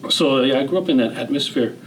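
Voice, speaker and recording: Man, around 60, Hawaiian Pidgin-tinged accent, average pitch, easygoing interview storyteller with a slight hiss behind. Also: fast talker, low-quality recording. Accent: Hawaiian Pidgin-tinged English. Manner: relaxed, rambling, frequent fillers and restarts, chuckles. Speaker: interview guest, retired general.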